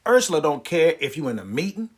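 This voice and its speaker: Husky man, animated comic storyteller. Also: a little high, fast. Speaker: comedian and prostate cancer survivor. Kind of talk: stand-up comedy monologue.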